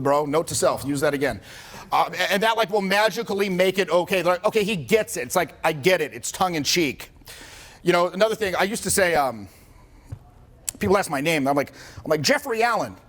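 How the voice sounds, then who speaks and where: His voice is a little high and a bit bright as this man in his forties, a social skills coach, gives a relaxed, joking seminar talk to a group. He swears often and acts out what people say.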